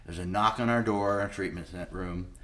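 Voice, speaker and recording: This middle-aged man tells the story of his recovery without polish, swearing plenty and replaying earlier exchanges aloud. His low voice sounds pushed and bright, moving at a normal speed.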